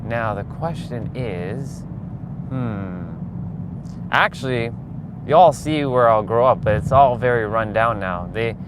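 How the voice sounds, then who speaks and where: Casting: man in his forties, rambling live-stream host, mid pitch, talking from a car with clear road noise. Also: unhurried. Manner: rambling, chatty, talks to viewers. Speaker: vlogger. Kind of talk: casual live-stream chat while driving. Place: in a car on city streets.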